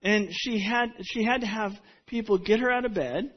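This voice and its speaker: A man's voice: sits high, normal speed, husky, highs cut off. A man preaching a sermon, telling stories in a conversational way with frequent restarts. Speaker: pastor.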